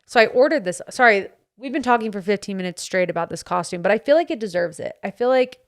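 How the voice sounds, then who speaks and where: A podcast host with a mid-range voice tells a story in casual chat, animatedly acting out her friends' lines in quick put-on voices. She's recorded close on a studio microphone.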